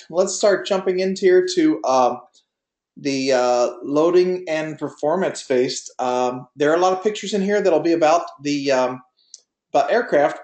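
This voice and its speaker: Male instructor, fairly high voice, folksy and rambling with many fillers, on a video call in an echoey room. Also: darkish tone. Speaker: drone pilot test prep instructor. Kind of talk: online class lecture with a told joke.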